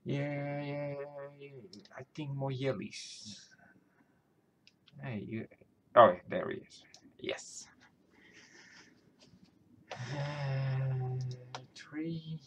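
Slow, chatty Dutch-accented gamer. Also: male voice, mid-range voice, fairly bright tone, slight background noise. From Netherlands. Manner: chatty, giggly, self-talking. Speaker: gaming YouTuber. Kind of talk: casual gameplay commentary. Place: home room.

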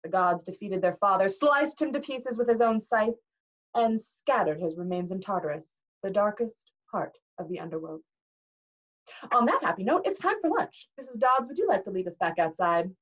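A woman reading aloud, voicing a stern, demanding older male teacher who speaks slowly and formally, on a dull recording. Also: medium pitch, lively intonation, close to an everyday voice. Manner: slow, measured, formal.

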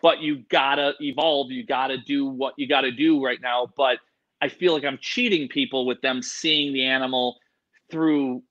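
A man who works as an animal educator, telling stories in a casual interview in an excitable, animated way and mimicking the people he talks about. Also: medium pitch, muffled recording.

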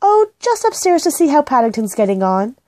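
A woman's voice: sing-song, a little fast, a little mellow. A woman voicing a bossy, caring young girl who fusses and takes charge in a storybook reading. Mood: urgent. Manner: high and urgent, fussing.

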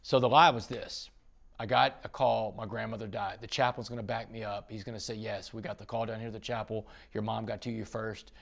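Middle-aged man, gravelly, animated interview storyteller. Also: lowish voice, a little fast. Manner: animated storyteller, quotes others, swings loud and soft. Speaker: podcast guest.

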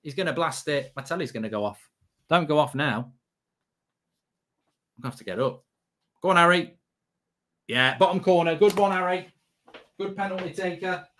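A man giving excitable, sweary live reaction commentary as a streamer, half talking to himself. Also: a little high, moderate pace, pauses often.

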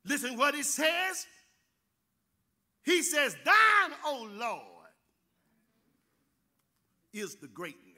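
A man with a Southern American accent preaching a sermon in church, building to shouts on key phrases. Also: extremely high pitch, big pitch swings, very slow, long pauses. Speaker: pastor.

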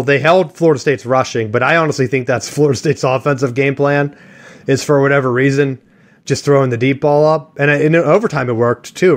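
A man chats casually on a sports podcast, rambling from point to point with jokes and strong opinions. His voice sits at an ordinary middle pitch.

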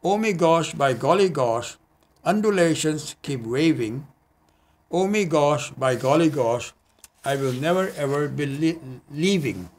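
A man, a poet, reading his own poems in an earnest, measured way, with hesitant spoken asides between them. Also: on the high side, animated. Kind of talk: poetry reading. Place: community TV studio.

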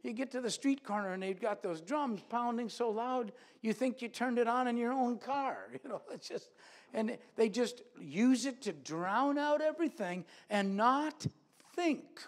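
Male preacher, high-pitched, earnest sermon delivery with repeated phrases, church setting. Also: expressive, measured pace.

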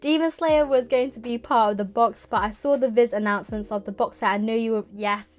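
A young woman, unboxing a parcel in a casual vlog, giddy and excitable with exaggerated reactions. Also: a little high, fast. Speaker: manga vlogger.

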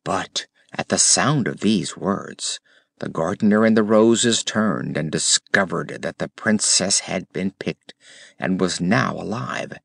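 A man narrating a classic children's fantasy audiobook in a measured storytelling manner. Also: low voice, creaky, slightly rough, no room sound. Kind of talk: scripted narration.

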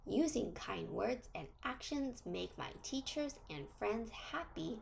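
A woman teaches preschoolers through a social story, her delivery sing-song and gently encouraging. She speaks very slowly, drawing out each phrase. A heavy gravelly fry runs through her voice. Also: fairly high pitch, big pitch swings, a little hiss or hum. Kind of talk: social story read to young children.

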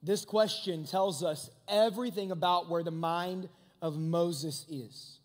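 A young man with a high voice preaches to a youth crowd in a relaxed, animated way. He often turns to ask the crowd questions. His voice rings out through the long reverb of a large hall. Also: unhurried. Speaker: youth pastor. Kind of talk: youth sermon. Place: large hangar used as a church hall.

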